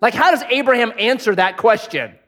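A male pastor preaching a sermon in an animated, joking, conversational way. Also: extremely high pitch, brisk.

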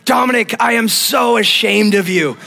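A man's voice: a little high, moderate pace, a bit bright, in a large hall. A man playing a frantic scolding mom. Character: frantic scolding churchgoing mother, middle-aged.

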